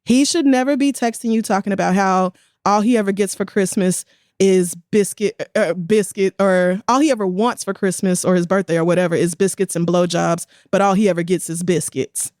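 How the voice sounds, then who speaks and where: Woman cohost on a podcast, fired up and animated, dry close sound. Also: medium pitch, normal speed, no room sound. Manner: animated, indignant storytelling with quoted voices. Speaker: podcast co-host. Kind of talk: casual podcast chat.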